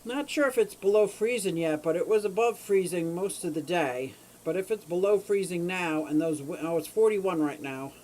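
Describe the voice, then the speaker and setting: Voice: medium pitch, normal speed, few pauses, darkish tone, slight background noise, poor audio. A host of a fishkeeping livestream from Pennsylvania chats casually and rambles from home beside the fish tanks. The host greets viewers by name and talks into a camera mic. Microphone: camera mic on a short cable.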